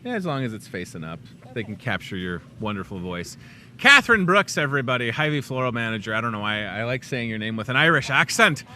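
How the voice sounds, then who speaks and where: Lively chatty Midwestern host. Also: male voice, medium pitch, quick pace, slight background noise. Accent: Midwestern American. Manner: upbeat, chatty, jokey. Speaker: talk show host. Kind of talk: casual in-store chat. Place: grocery store aisle. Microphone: clip-on lapel mic.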